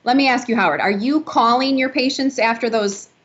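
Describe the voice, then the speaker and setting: A woman guest on a podcast interview, talking about her work with enthusiasm and quick to agree with the host. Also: a little high, fairly bright tone, dull audio. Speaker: dental consultant guest. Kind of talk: casual interview chat.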